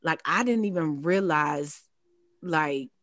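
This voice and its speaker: Woman, casual storytelling, slightly low voice, dry close sound, animated. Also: slow, no echo. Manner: animated, laughing, leaps high in quoted lines. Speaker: podcast guest.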